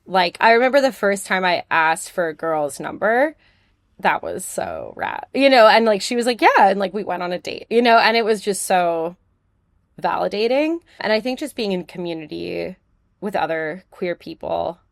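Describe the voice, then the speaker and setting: A woman's voice: medium pitch, sing-song, moderate pace, gravelly, no echo. A young adult woman from the United States, a podcast guest chatting casually, joking often and leaning on filler words. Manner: giggly, jokey, heavy on filler words. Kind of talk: casual interview chat.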